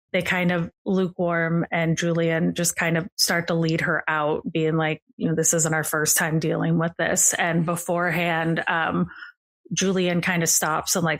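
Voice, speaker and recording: A woman with a fairly low voice runs a tabletop game as game master. She narrates casually, sprinkling in ums and likes as she describes the scene. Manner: casual, many fillers.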